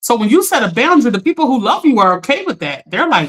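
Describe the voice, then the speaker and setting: A woman with a somewhat high voice hosts a casual coaching livestream from her phone. She talks straight to her viewers in a chatty, direct way and keeps checking in with them. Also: sing-song, fast, hardly any pauses. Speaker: life coach hosting a livestream.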